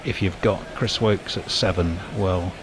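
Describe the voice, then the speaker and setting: A man giving ball-by-ball cricket commentary, measured and lifting on big shots, with faint background noise. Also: sits low, steady tone.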